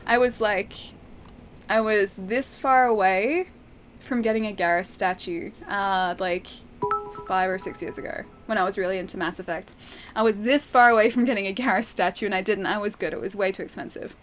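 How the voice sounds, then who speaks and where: A woman's voice: medium pitch, fairly even intonation, normal speed, soft background music. A woman game streamer chatting casually with viewers, enthusiastic and full of fillers. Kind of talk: casual chat answering viewers during a live stream.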